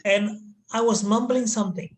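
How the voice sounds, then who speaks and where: A man telling a personal story as a trainer, animated and dramatic with hesitant fillers, over a video call. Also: high voice, moderate pace, low-quality recording. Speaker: corporate trainer.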